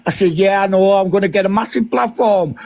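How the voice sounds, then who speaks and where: A man's voice: sits high, brisk, darkish tone. A middle-aged man arguing defensively on a live stream, swearing and insisting he is telling the truth. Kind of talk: heated live-stream argument.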